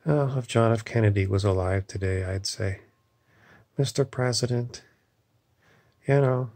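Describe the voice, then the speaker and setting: A man's voice: on the low side, normal speed, a little mellow. A man in an angry, rambling political rant, swearing often and leaning on "you know". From Canada.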